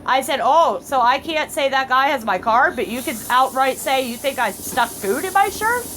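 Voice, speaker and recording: A woman's voice: sits high, animated, moderate pace, fairly bright tone, a little hiss or hum, poor audio. A middle-aged woman telling a story in casual chat, acting out other people's lines. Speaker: family vlogger. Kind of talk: casual storytelling while playing a phone game.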